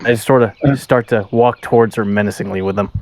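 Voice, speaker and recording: A man playing a tabletop game, speaking calmly and matter-of-factly, often in character. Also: lowish voice, a little fast. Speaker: player.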